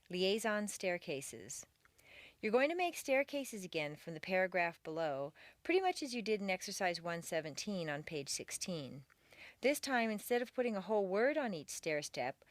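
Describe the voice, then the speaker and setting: A woman reading a scripted pronunciation lesson in a clear, deliberate way, carefully articulating each sound as a teacher. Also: on the low side, dry recording. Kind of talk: scripted instructional narration.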